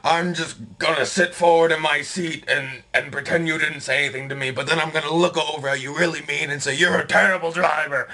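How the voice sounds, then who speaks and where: Guy doing a huffy whiny angry driver voice, all sputtery and drawn out, way higher than his normal low voice. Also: steady tone, fairly quick, hardly any pauses, bright, forceful tone. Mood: huffy mockery. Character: furious, sulking man driver, pompous and huffy.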